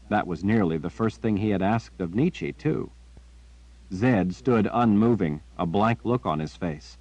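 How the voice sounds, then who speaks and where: A man narrating an audiobook in a steady, measured storytelling manner. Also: fairly low pitch, no room sound. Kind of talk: scripted narration. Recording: dry, dull lo-fi.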